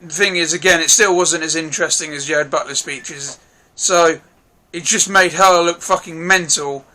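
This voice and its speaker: A man with a high voice talks through a film review in a loose, rambling way. His tone is bright and forward. He is blunt, swears casually, and keeps hedging in case he has missed something. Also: fairly even intonation, moderate pace. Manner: rambling, frank, apologetic hedging.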